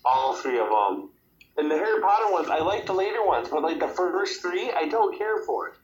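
Hesitant podcast host, dull lo-fi sound. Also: male voice, on the high side, expressive, normal speed. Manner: hesitant, many fillers and restarts. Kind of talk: casual podcast chat. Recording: dull lo-fi audio.

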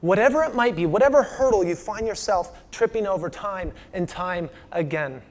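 A man with a fairly high voice delivers a sermon. He keeps it conversational, tossing rhetorical questions to the congregation. He often drops to a quiet, intense tone to stress a point. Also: animated, measured pace, slight background noise. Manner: conversational preaching with rhetorical questions, dropping soft for emphasis. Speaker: pastor.

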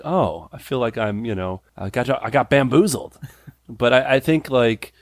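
A man in his thirties, a character actor and improviser, chatting casually as a podcast guest, animated and laughing often, with many "like" fillers and sudden pitch jumps when he acts out what people say. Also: normal speed, no echo, studio quality. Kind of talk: casual podcast interview chat.

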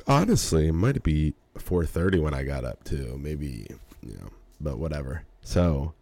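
A man's voice: rumbling low, lively intonation, moderate pace, creaky, warm tone, dry recording. A young adult man hosting his podcast, tired and yawning, rambling casually with fillers and swearing. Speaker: podcast host. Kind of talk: casual early-morning monologue.

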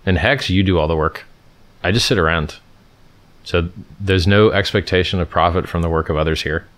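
Casual livestream host, male, from California, low voice, emphatic, repeats himself and restarts lines. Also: moderate pace, a bit bright. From Stockton, California, USA. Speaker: livestream host answering viewer questions.

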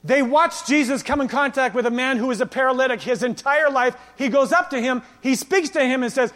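Giving a sermon, this pastor brings his stories to life by voicing each character's quoted lines. He speaks a little fast with hardly any pauses, in a voice pitched high for a man, echoing through a church hall's long reverb.

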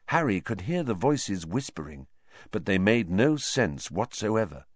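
A man's voice: lowish voice, sing-song, measured pace, no room sound. A male reader narrates a story with lots of movement in his voice, rising and falling through the scenes. He voices each character himself. The sound is dry and close, with no room around him. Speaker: audiobook reader.

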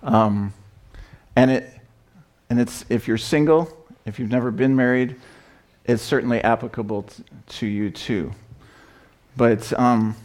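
Brief: man preaching a sermon, middle pitch, earnest and halting. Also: darkish tone. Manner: earnest, halting, with many restarts. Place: church service.

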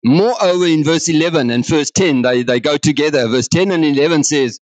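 A man with a South African accent preaching a sermon in an animated way, acting out God's words. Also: fairly high pitch, brisk, dry recording. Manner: animated, acts out God's words, mixes in other languages.

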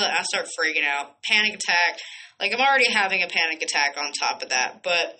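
A woman's voice: on the low side, expressive, a little fast, pushed and bright, slight background noise, poor audio. A young woman, hosting a podcast and telling a rambling personal story full of fillers and asides. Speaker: podcast host. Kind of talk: casual storytelling monologue.

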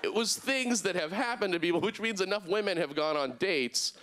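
A man in his thirties doing a deadpan, absurd stand-up routine on a club stage, jumping up into a high voice for the people he quotes. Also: brisk. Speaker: stand-up comedian. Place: comedy club stage before a live audience.

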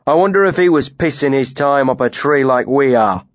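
A man's voice: mid-range voice, moderate pace, no room sound, pitched above the performer's own voice, lightly acted. A man voicing a surly, indignant young male mercenary who grumbles and picks fights. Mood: combative. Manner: grumbling, combative. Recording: dry, slightly muffled studio recording.

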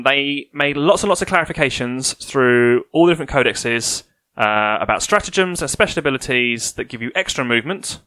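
A man co-hosting a casual hobby podcast, animated and teasing, explaining things at length. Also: medium pitch, no room sound. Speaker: podcast co-host.

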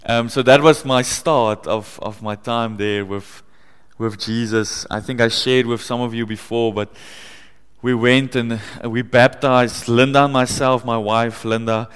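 A man preaching a sermon in a church, conversational, laughing often and growing excited as he tells stories. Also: medium pitch, a little slow, clear, resonant tone, long reverb tail. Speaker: pastor.

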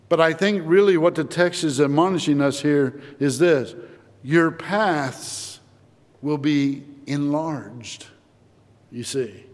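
Slow-preaching man in an echoing church. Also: a little high. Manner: slow, deliberate preaching, rising on emphatic lines and quoting scripture. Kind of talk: sermon. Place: church sanctuary. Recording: long church-hall reverb.

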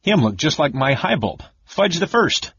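A man doing a squeaky simple-minded gully dwarf girl. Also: very animated, normal speed, a bit bright, slightly rough, full character voice. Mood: awed. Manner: broken grammar, childish and awed. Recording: dull lo-fi dry audiobook recording.

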